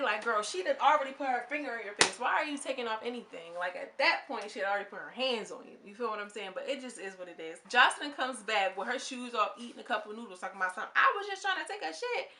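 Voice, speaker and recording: Bright-voiced young woman ranting casually. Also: a little high, a little hiss or hum. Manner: candid, slangy, opinionated, goes off on tangents. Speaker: reality TV reviewer. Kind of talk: casual commentary vlog.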